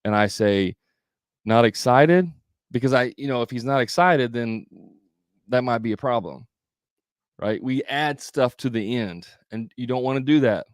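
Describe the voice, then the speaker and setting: A man's voice: mid-range voice, moderate pace, no room sound, studio quality. A man giving a live sales training as coach, talking conversationally with fillers and restarts.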